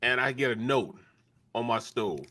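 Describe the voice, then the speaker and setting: A man's voice: medium pitch, moderate pace, pushed and bright. A man on a casual sports talk show over a video call, telling a story in an exasperated way. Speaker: show panelist.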